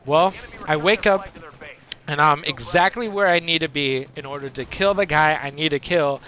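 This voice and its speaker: A man's voice: on the high side, normal speed. A man streaming a video game and rambling through a made-up story, jumping between voices as he goes. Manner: animated, jumps between voices and laughs. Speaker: gaming streamer. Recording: game gunfire noise behind.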